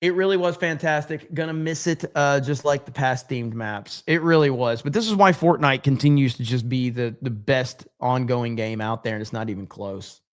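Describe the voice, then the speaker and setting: A man's voice: medium pitch, normal speed, hardly any pauses, smooth. A man hosting a livestream, chatting casually and reading out viewer comments in a loose, profane, rambling way. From United States. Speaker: livestream host.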